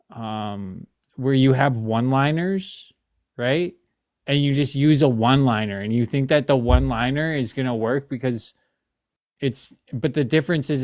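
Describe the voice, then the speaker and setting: A man's voice: mid-range voice, darkish tone, no echo. A man hosting a live stream panel, talking in a casual, profane and exasperated way. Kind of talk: casual ranting chat.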